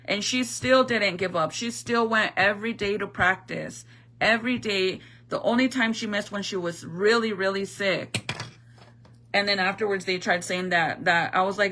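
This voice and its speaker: A woman's voice: medium pitch, moderate pace, bright, forceful tone. A young woman telling a story in a heated, profane, slangy rant, as a vlogger.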